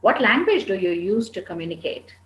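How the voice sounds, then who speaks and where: A woman's voice: mid-range voice, very animated, fairly quick, highs cut off. A woman with an Indian English accent answering students' questions in a lecture, firm and instructive. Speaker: soft skills trainer. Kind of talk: classroom Q&A lecture. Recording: roomy echo, faint background noise.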